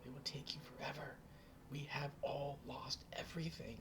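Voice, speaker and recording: A man's voice: fairly high pitch, unhurried, creaky, background noise, voice pushed up. A man voicing a frail old mother, half-mad with grief, who wails and repeats her words in despair. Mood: grief-stricken.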